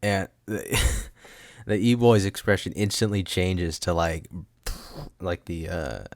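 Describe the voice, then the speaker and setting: A man's voice: low voice, slow pace, dry recording, studio quality. A man hosting a solo podcast at a home desk mic, rambling with goofy asides and frequent laughs. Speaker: podcast host. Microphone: studio microphone.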